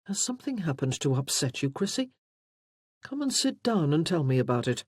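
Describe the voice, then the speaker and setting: A man voicing a loyal, protective gentleman friend in an audiobook, speaking warmly and earnestly. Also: on the high side, big pitch swings, moderate pace, husky, dry recording, studio quality. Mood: concerned. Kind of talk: audiobook character voice.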